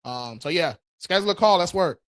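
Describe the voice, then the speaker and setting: High-voiced, slangy live-stream credit host. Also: male voice, animated, fairly bright tone. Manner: slangy, loose and profane, laughs often; hypes viewers up with quick rallying calls.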